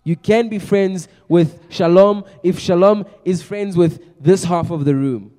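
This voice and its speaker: A young man preaching to a youth group in a chatty, energetic way, often repeating his words. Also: high-pitched, unhurried, hardly any pauses. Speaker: youth pastor. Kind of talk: youth sermon. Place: large room with a youth audience. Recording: long echo of a large hall.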